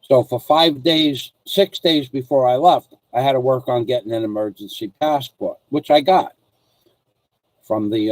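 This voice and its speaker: A man on a casual livestream, wandering through a long story in a mid-pitched voice that sits close and dry on the mic. He trips over his own sentences, doubles back on details and slips in asides to his viewers as he goes. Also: darkish tone, no room sound, rough recording. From United States. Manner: rambling storyteller, restarts and asides. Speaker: vlogger.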